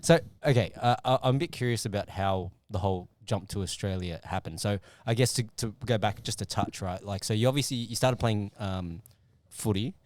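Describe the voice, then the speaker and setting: Male podcast host, casual, rambling, fairly low voice. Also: brisk, hardly any pauses, darkish tone, no echo. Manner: casual, thinks aloud with many fillers. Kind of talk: casual interview chat.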